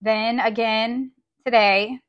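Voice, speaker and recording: A woman's voice: a little high, fairly even intonation, takes it slowly, muffled recording. A young adult woman co-hosting a casual podcast chat, talkative and easygoing, recorded on a phone. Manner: chatty, many "like" fillers, laughs. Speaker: podcast co-host.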